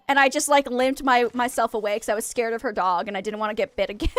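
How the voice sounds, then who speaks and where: Chatty high-voiced woman streamer. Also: moderate pace. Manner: chatty, animated, swears and laughs often. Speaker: gaming streamer. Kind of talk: casual storytelling while gaming. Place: home office.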